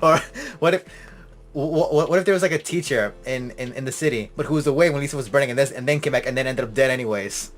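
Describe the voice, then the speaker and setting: A man's voice: medium pitch, quick pace. A man co-hosting a casual podcast chat, teasing with dry humor and often restarting his sentences. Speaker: podcast co-host.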